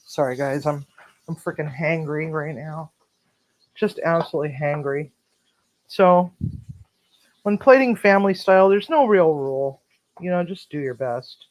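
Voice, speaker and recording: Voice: medium pitch, measured pace, pauses often. A home cook hosting a cooking vlog, telling a story bluntly and animatedly and swearing freely, in a home kitchen. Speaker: home cook and channel host. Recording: noisy home recording.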